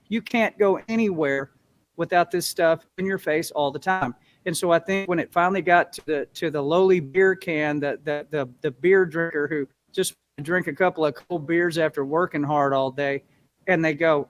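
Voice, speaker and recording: A man talks as an interview guest in an earnest, folksy way. He acts out the voices of ordinary people to make his points. His voice sits slightly high. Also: normal speed. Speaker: guest, musician and business owner. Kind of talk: interview answers.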